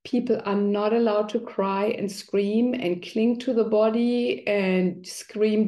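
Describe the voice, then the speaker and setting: A woman's voice: medium pitch, fairly even intonation, a little slow, dark tone. A middle-aged woman talking conversationally, now and then acting out quoted voices. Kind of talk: explanatory talk.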